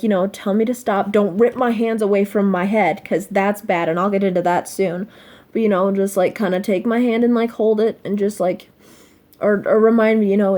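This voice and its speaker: Teen girl vlogging, soft and halting, kinda upset, lots of ums and likes. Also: mid-range voice. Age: teens. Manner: soft, halting, emotional, many fillers. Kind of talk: personal confessional vlog.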